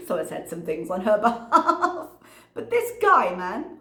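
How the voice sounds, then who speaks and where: A young woman vlogger in casual chat, animated, laughing often and acting out what others said. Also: medium pitch, slow, reverberant, slight background noise.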